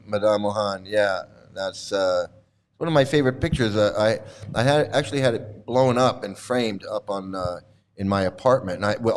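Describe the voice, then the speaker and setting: A middle-aged man hosting a livestream, chatting casually while showing old photos, halting with many fillers and restarts and laughing often. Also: lowish voice. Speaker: livestream host.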